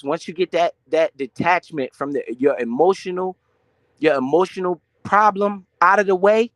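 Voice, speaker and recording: On a casual finance live stream, a young adult man with a high-pitched voice swears freely and uses plenty of slang. Animated, he asks questions only to answer them himself, and the audio is dry and close with no echo from the room.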